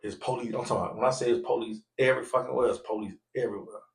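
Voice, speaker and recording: A man telling a story on a casual podcast, acting out the people he quotes in loud, raised voices. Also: mid-range voice, rapid-fire, creaky. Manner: animated, acts out quoted voices loudly. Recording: echoey room.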